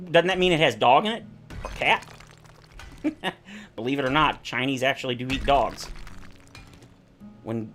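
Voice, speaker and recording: A man's voice: mid-range voice, a bit bright. A man streaming a survival game, chatting casually in rambling, self-correcting tangents. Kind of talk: casual chat while playing a survival game.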